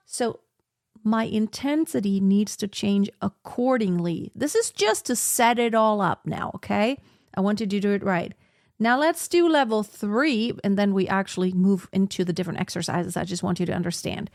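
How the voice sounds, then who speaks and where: A woman teaching a singing lesson, who explains calmly and then demonstrates scales on single syllables. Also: medium pitch, moderate pace, dry recording, clean studio sound. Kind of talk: vocal lesson with sung demonstrations.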